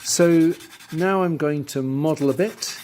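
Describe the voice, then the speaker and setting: A man teaching drawing, talking through his steps as he works and trailing off quietly into asides. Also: a little high, unhurried, a little hiss or hum. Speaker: art teacher. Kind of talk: drawing tutorial voice-over.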